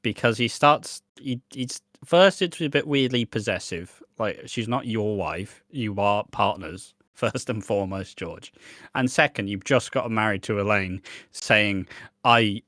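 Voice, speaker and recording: A man's voice: lowish voice, a little slow, dry recording. Sweary British man, dry sound. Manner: sweary, animated storyteller. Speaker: podcast co-host. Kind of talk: casual chat.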